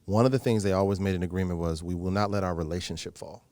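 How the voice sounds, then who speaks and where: A man with a fairly low voice talks quickly and eagerly, acting out the people in his stories as he goes. His sound is close and dry, with no room around it. He stops and restarts a lot, full of ums and repeated words. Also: dry recording. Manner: animated storyteller, acts out quoted exchanges; frequent fillers and restarts. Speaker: actor, interview guest. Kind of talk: casual interview talk.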